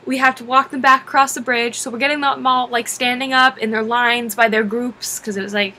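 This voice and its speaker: A woman in her twenties telling a story in animated storytime narration, exasperated and lively, acting out her own lines. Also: a little high, fairly quick.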